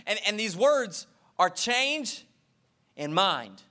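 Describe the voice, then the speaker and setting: A man's voice: sits high, big pitch swings, slow pace, bright, forceful tone. A male pastor preaching a sermon with impassioned, emphatic repetition, speaking directly to his congregation.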